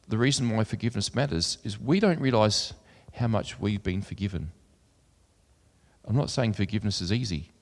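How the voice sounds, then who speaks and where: A man's voice: fairly low pitch, gravelly. A man giving a sermon, earnest as he reads scripture aloud and chatty in his asides. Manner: conversational asides with fillers. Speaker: preacher. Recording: long hall reverb.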